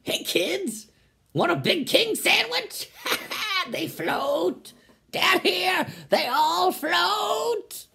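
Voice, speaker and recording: Pennywise, a man playing a shrill cackling monster clown. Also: big pitch swings, extremely slow, vocal fry, bright, forceful tone, exaggerated voice. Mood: taunting. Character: sinister male monster clown luring kids.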